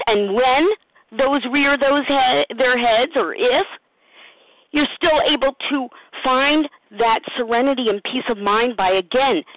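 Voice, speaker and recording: A woman's voice: on the high side, no room sound. Woman sharing over a dry phone line. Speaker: meeting member sharing. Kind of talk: recovery meeting share.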